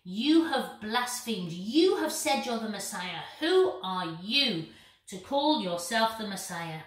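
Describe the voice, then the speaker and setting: A woman voicing stern temple priests who accuse someone, in a slow, accusing manner. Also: medium pitch, animated, echoey room.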